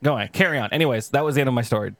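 A young man co-hosting a podcast, telling a story in casual, profane chat with sudden pitch jumps. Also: very fast, dry recording. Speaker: podcast co-host.

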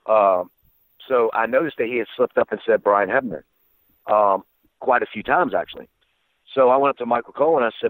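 A man's voice: mid-range voice, a little fast, dry recording. A man guesting on an interview, telling backstage stories in a candid, casual way, with plenty of fillers and swearing. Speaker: wrestling referee guest. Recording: tinny phone-line sound.

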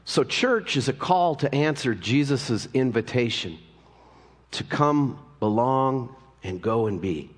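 Male pastor, mid-pitched, relaxed preaching style with restarts, recorded in a reverberant church hall. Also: slow. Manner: conversational, repeats words as he restarts. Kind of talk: sermon.

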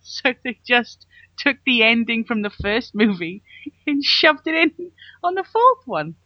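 A man co-hosting a casual movie podcast from bed, laughing often and joking, saying he is high. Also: animated, no echo. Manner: laughing, joking, quick asides. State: says he is high. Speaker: podcast co-host. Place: in bed at home. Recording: dull lo-fi remote audio.

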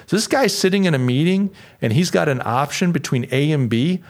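A man's voice: fairly quick, hardly any pauses. A man hosting a podcast, giving opinionated political commentary in an emphatic way, with sarcastic asides. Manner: emphatic, animated, pitch jumps up for emphasis. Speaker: podcast host.

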